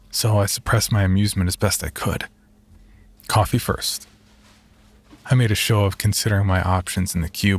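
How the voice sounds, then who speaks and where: Low-voiced man narrating a horror story. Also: creaky, husky. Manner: measured first-person storytelling.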